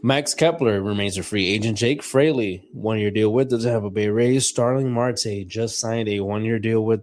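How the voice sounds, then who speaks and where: Deep-voiced casual male podcast host. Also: moderate pace, darkish tone. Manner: loose and self-deprecating, stumbles on names. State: coughing, throat clearing. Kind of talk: casual podcast rundown reading from notes.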